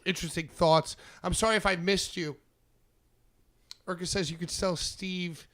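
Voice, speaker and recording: A man hosts a casual podcast in a studio, joking and ribbing his co-hosts. His voice is high for a man and has a bright, forceful edge. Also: fairly even intonation, moderate pace. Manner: teasing, mock-scolding. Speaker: podcast host.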